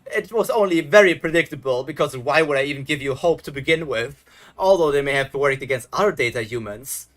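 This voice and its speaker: A gloating, mocking villain. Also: male voice, fairly high pitch, animated, a little fast, fairly bright tone. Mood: taunting. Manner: mocking, taunting, sing-song laughter. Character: gloating male villain who toys with captives. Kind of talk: animated series dub.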